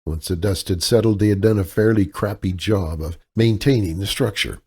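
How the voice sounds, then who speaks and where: A man reading a novel aloud as narrator, with steady, dramatic storytelling. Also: deep voice, husky. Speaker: audiobook narrator. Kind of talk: scripted narration.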